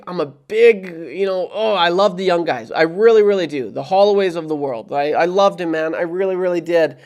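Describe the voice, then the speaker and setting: A young man from Canada, a hockey vlogger and radio producer, ranting casually to camera with frustration and lots of repetition. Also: on the high side. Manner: animated, repeats himself, frustrated. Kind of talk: casual heated rant to camera.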